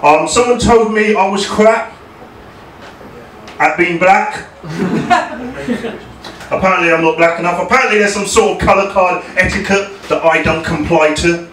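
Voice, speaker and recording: Deadpan South London comedian, echoey club. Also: male voice, high-pitched, moderate pace, long pauses, distant mic, a little hiss or hum. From England. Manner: deadpan, hesitant with many ums, chatting to hecklers. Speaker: stand-up comedian. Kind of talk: stand-up comedy set. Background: crowd laughter.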